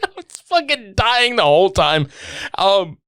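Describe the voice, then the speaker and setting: A man's voice: high-pitched, big pitch swings, unhurried, a bit bright, clean tone, no echo, studio quality. A man co-hosting a podcast in loose, profane casual chat, laughing often. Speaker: podcast co-host.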